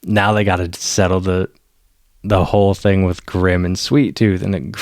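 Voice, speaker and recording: Low gravelly guy rambling through an episode recap, laughs a lot, dry close sound. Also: slow, no echo. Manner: excitable, laughs often, acts out quotes. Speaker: TV episode reviewer. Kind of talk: casual recap.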